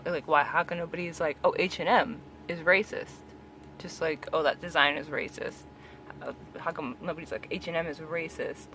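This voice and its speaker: A woman with a lowish voice delivers a blunt, profane opinion rant straight to camera. She fires off rhetorical questions and swears freely. Her points keep rising into loud, emphatic bursts. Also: slight background noise. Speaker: vlogger.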